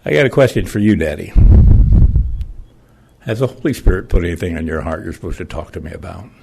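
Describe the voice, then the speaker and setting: A man's voice: sits low, expressive, quick pace, gravelly, a little mellow, slight background noise. An older man giving a plain-spoken, emotional personal testimony in church, with folksy phrasing.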